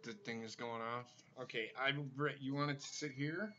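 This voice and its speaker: A man's voice: medium pitch, steady tone, moderate pace, pushed and bright. A man hosting a casual livestream chat, bantering and swearing freely with his guests over a video call. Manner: profane, joking banter. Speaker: livestream host. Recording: muffled video call audio with faint hiss.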